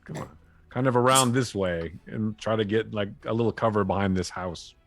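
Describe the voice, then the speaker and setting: A man's voice: fairly low pitch, moderate pace, no echo, soft background music. A man playing a tabletop game, explaining his character's moves with joking, profane banter. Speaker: player. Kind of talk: tabletop game play chat.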